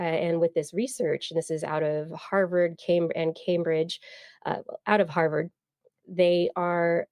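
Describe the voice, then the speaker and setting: A woman co-hosting a science show talks through a study in a loose, chatty way, full of fillers and restarts. Her voice sits on the low side. The sound is dry and close to the mic. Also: darkish tone, no room sound. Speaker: science podcast co-host. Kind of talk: casual science chat.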